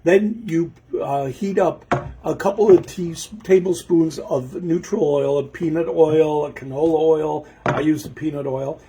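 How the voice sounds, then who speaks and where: This casual cooking demonstration features a man whose voice is a little high and mellow, moving a little slowly. He rambles and talks to himself while cooking at home, frequently forgetting steps, over a slight hiss or hum.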